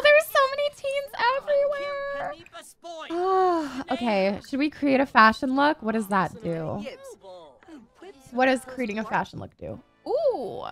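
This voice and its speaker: A woman's voice: fairly high pitch, fairly bright tone. A young woman giving casual, gushing gameplay commentary, peppered with "like" and casual swearing. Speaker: gaming streamer.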